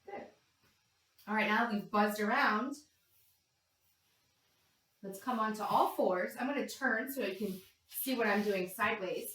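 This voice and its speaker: A woman leading a yoga class for young children, talking them gently and playfully through animal poses and animal sounds. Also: medium pitch, unhurried, long pauses. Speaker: kids yoga instructor. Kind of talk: guided kids yoga class. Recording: echoey room, distant from mic.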